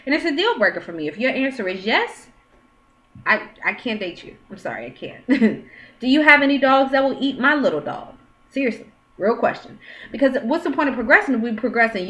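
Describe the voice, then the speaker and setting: A woman in her thirties gives dating advice straight to camera at home, her child nearby. Her voice is on the high side, bright and forceful. It's a casual advice monologue, frank and chatty, with quoted dialogue and questions.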